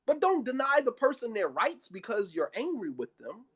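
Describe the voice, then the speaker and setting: Brief: male lecturer, high voice, blunt colloquial sermon on marriage, emphatic delivery. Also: huge pitch swings, moderate pace, hardly any pauses, breathy edge. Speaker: Islamic speaker.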